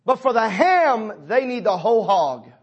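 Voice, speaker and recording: A preacher doing an indignant pig. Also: male voice, sits high, very animated, unhurried, husky, dull audio, full character voice. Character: indignant farmyard pig, quick to balk.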